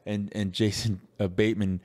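A man's voice: fairly low pitch, level tone, moderate pace, a little mellow. A man co-hosting a casual podcast chat, rambling with many fillers and restarts and laughing easily. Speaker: podcast co-host.

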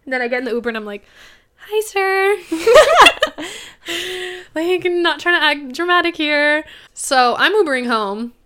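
A young woman co-hosting a podcast, telling a personal story in casual chat, animated and swearing, quoting others. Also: high-pitched, brisk. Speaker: podcast co-host.

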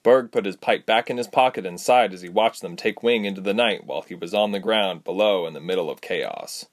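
A man narrating a fantasy audiobook in an expressive storytelling manner. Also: low-pitched, brisk.

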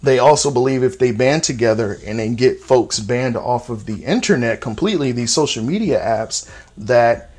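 A man's voice: mid-range voice, lively intonation, moderate pace, darkish tone, slightly rough. A man in his thirties hosting a casual solo podcast, talking bluntly and profanely, his voice jumping up sharply when he stresses a point. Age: 30s. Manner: voice jumps up sharply for emphasis. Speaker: podcast host.

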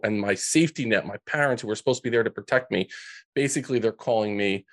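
A man's voice: lowish voice, fast, no room sound. A man in a podcast interview, telling a painful childhood story in an earnest way, often restarting his sentences. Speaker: podcast guest. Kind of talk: emotional storytelling.

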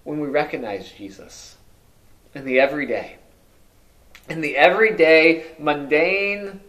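Man preaching, slightly raised pitch. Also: unhurried, dull audio. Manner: rhetorical questions, swings from loud to hushed. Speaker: pastor. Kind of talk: sermon.

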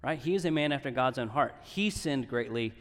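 A man's voice: mid-range voice, animated, brisk. A man preaching a sermon in earnest tones, often checking in with "right?". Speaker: pastor. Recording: reverberant hall.

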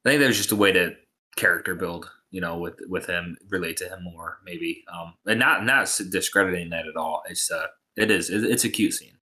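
A man talking as a podcast guest, in a measured way that trails off softly. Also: low voice. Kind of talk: casual conversation.

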